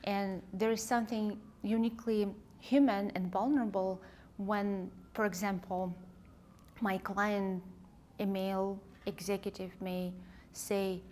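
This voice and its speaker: A woman leadership coach and author, speaking as an interview guest in a thoughtful, heartfelt way, often pausing to search for words. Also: medium pitch, flat delivery, darkish tone, slight background noise. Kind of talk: reflective conversational interview.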